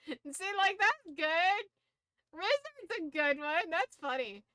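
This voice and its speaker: Dry, bright-voiced swearing woman streamer. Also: very high-pitched, animated, slow pace, no room sound. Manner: swears freely, laughs often, shrieks in disbelief. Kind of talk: casual live-stream chat.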